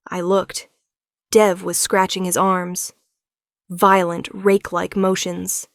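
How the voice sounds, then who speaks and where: A woman's voice: on the low side, little pitch movement, slow, dry recording, studio quality. A woman giving dramatic first-person audiobook narration of a tense thriller.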